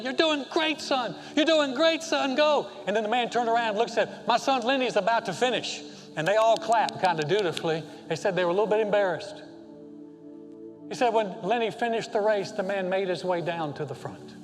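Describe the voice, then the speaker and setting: A male senior pastor preaching a sermon, impassioned, moving between loud exhortation and hushed tender passages. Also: high-pitched. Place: church sanctuary. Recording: long hall reverb.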